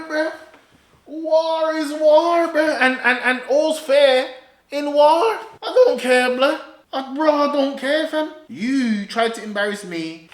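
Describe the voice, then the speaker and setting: A young man giving casual, slang-heavy commentary, animated and laughing, with loud bursts and low asides. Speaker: online commentator. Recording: roomy echo.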